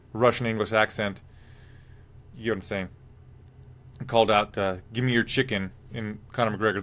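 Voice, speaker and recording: A man hosting a live MMA podcast, talking casually and rambling, reading viewer comments aloud and giving blunt picks. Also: mid-range voice. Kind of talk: casual live-stream fight talk.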